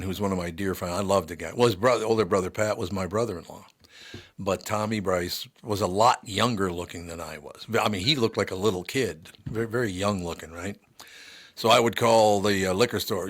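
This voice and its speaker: Older man hosting, low voice. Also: a bit bright. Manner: wry, teasing, storytelling. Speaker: podcast host. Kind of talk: casual radio chat.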